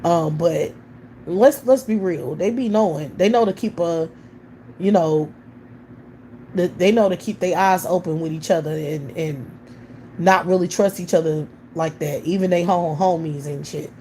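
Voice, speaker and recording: A woman hosting a livestream rants bluntly, with heavy profanity, into a computer or phone mic. Her voice is fairly low and warm at a measured pace, with a little hiss or hum.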